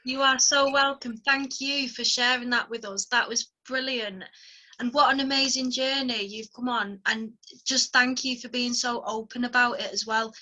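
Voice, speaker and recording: A woman's voice: on the high side, fairly even intonation, normal speed, sharp tone. Effusive woman hosting over a video call. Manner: effusive, enthusiastic praise. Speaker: open mic host. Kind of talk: hosting an online open mic.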